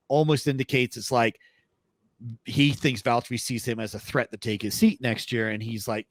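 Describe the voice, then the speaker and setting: A man co-hosting a podcast in casual chat, telling stories in an animated, profane way. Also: mid-range voice, a little fast, no room sound. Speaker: podcast co-host.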